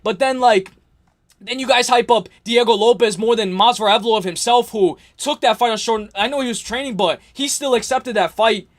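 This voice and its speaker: A young man with a high-pitched voice hosts a livestream. He rants heatedly about fights, swears a lot and repeats his points, and his voice rises into yelling at times. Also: normal speed. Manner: ranting, repetitive, profane, yelling at times. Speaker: livestream host.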